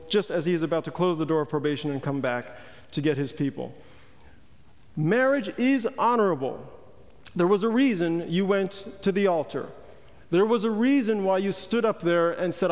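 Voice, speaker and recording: Brief: male preacher with a high voice, chatty and playful, addressing a congregation in a church with a long reverb tail. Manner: conversational, joking, questions the congregation. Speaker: pastor. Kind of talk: sermon.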